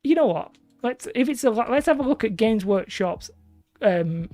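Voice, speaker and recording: A woman's voice: a little high, lively intonation, moderate pace, mellow, soft background music. A woman hosting a live stream, chatting casually and rambling as she reads out viewers' comments. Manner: rambling, chatty, self-deprecating.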